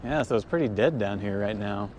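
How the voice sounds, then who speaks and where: A man with a slightly low voice talks in a relaxed, joking way while riding a cargo bike along a windy city path. He speaks into a camera mounted on the bike, and a faint hiss sits behind him. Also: fairly quick. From United States. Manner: joking, easygoing, chatty. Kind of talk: casual livestream chat.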